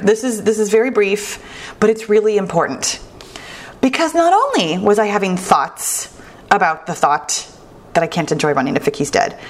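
A woman hosting a solo talk, speaking earnestly and reflectively, slow and deliberate with lively asides. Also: mid-range voice.

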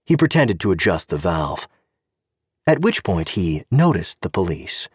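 Husky, low male story narrator. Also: a little slow, dry recording. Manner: wry, expressive storytelling. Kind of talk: scripted audiobook narration.

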